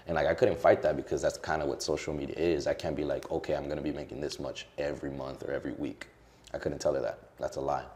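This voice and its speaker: A man's voice: a bass voice, flat delivery, fast talker, darkish tone. A young man, a social media creator, talking candidly and emotionally in an interview, with lots of casual fillers. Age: young adult.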